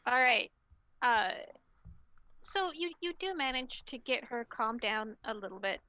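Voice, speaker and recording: Bright-voiced woman storyteller. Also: on the high side, measured pace, no room sound, rough recording. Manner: relaxed and rambling, with many filler sounds. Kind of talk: narrating a tabletop game.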